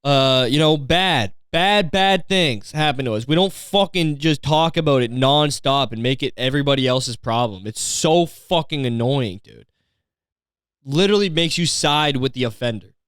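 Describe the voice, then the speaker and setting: A man's voice: medium pitch, lively intonation, moderate pace, fairly bright tone, clean tone, no echo, clean studio sound. A young man hosting a comedy podcast, ranting in a profane, sarcastic way and slipping into mocking voices. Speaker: podcast host.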